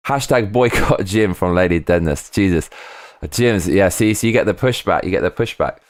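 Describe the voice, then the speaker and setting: A man's voice: low voice, expressive, moderate pace, dry recording, clean studio sound. A man on a casual live stream, rambling between topics, swearing freely and reading viewer comments aloud.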